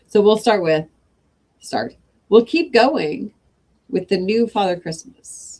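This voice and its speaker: Slow-reading chatty woman storyteller. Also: medium pitch, animated, dark tone. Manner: chatty, apologetic asides. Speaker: host of an evening reading stream. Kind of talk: reading stories aloud to a live chat.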